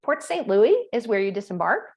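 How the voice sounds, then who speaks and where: A woman's voice: a little high, sing-song, normal speed, darkish tone. A middle-aged woman, a travel agent, giving a casual, rambling presentation to clients, with fillers and frequent self-corrections.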